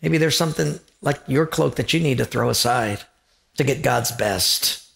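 A man's voice: mid-range voice, normal speed, vocal fry, fairly bright tone. A male pastor preaching a sermon in a conversational, emphatic way, often asking his listeners questions.

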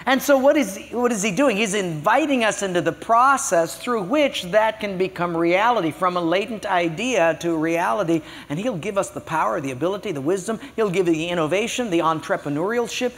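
A man's voice: high-pitched, moderate pace, big-room sound. An older man preaching a sermon as a pastor, telling stories and acting out voices. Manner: animated storytelling, acts out voices.

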